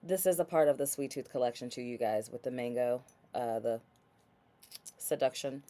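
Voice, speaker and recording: A woman's voice: extremely low pitch, moderate pace, dark tone. A woman hosting a casual livestream, chatty and playful as she shows body care products and talks straight to viewers.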